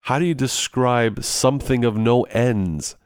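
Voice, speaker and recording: A man's voice: medium pitch, measured pace, clear, resonant tone, no echo, studio quality. A man preaching a sermon in an earnest, pleading way, repeating phrases for emphasis.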